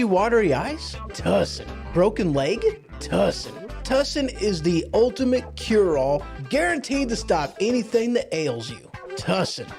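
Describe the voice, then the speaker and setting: A man voicing a salesy, overhyped TV ad announcer in a hard-sell pitch. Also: gravelly, darkish tone, heavily acted. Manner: booming hard-sell pitch, repeats the product.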